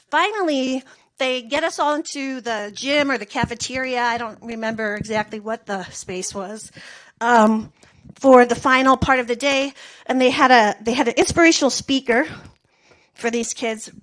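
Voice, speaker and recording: A woman with a high voice tells a long personal story. She swears freely, rambles and gets animated as she tells it. She sounds like she is in her thirties. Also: moderate pace, poor audio. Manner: profane, rambling, animated retelling.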